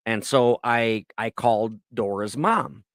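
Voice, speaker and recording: A man in his thirties holds forth on a podcast, drifting from one tangent to the next and swearing constantly. His voice sits at an ordinary middle pitch. The sound is dry and close, with no room echo. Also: slow. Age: 30s. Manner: profane, rambling storyteller. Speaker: podcast co-host. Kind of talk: casual chat.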